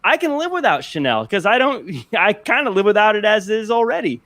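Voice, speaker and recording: A man with a bright, fairly high voice talks things through in relaxed chat. He lays out his reasoning plainly and calmly. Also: a little fast. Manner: reflective, explains his choices plainly. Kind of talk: casual chat.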